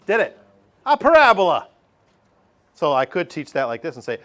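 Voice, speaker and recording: A man's voice: medium pitch, sing-song, fast talker, long pauses, fairly bright tone. A middle-aged man teaching a math lesson over a screen recording, chatty, thinking aloud and putting questions to himself.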